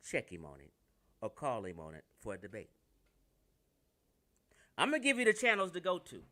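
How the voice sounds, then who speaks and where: A man with a Californian accent who lectures in a brash, combative way, swearing freely and spelling words out letter by letter. His voice is bright and forceful, and his pitch swings widely as he makes his points. It sounds like a casual livestream talk into a computer mic. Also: huge pitch swings, normal speed, pauses often. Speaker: online lecturer.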